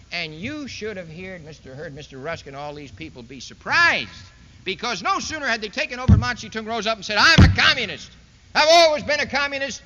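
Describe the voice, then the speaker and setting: A man's voice: sits high, pushed and bright. A man giving a sarcastic, emphatic public lecture speech to a university audience, in a dull lo-fi 1960s archival recording made in a large hall. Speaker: political speaker addressing a university audience.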